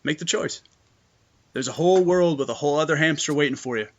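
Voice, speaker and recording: Guy voicing a tired resigned dude, reflective, talks kinda quiet. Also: on the high side, fast, muffled recording, lightly acted. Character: weary man saying farewell, resigned.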